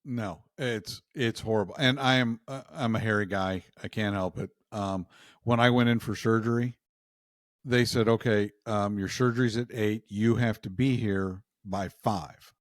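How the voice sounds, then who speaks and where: A man's voice: on the low side, fairly even intonation, normal speed, no room sound, studio quality. A man co-hosting a casual talk show, joking about himself with a wry sense of humor. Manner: wry, self-mocking humor, laughs often. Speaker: podcast co-host. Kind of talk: casual chat.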